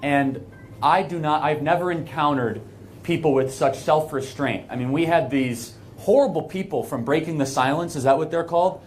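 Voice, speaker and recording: Speaking a bit on the high side at a moderate pace, this guest speaker from the United States addresses a live audience in an event hall. His American delivery is earnest and emphatic yet conversational, peppered with asides, over slight background noise.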